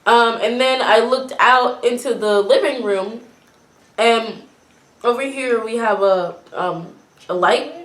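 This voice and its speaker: Animated young woman, roomy sound. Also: a little high, takes it slowly. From Florida, USA. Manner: animated storytelling, acts out shrieking quotes. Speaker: vlogger. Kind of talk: casual chat, mukbang.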